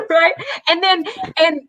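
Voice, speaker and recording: A woman with a Southern American accent, an animated storyteller chatting as a voice actor guest and acting out the quotes. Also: a little high, moderate pace, no room sound, lo-fi sound. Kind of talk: casual chat.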